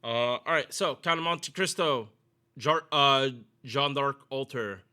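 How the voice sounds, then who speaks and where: Guy rambling about gacha banners, bright crisp voice, talks to chat. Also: mid-range voice, a little slow. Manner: rambling, restarts, chatty with viewers. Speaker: gaming YouTuber. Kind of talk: casual game commentary.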